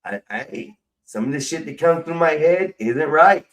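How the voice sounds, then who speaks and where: A man's voice: a little high, lively intonation, unhurried, fairly bright tone, poor audio. Rambling, cursing man. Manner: profane, rambling, drinking while talking. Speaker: stream host. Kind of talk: casual rambling livestream chat.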